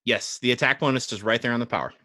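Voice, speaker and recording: Guy dm running a tabletop game, bright voice, super dry close mic. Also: medium pitch, very fast, no room sound. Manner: relaxed, guiding, laughs often. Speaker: dungeon master.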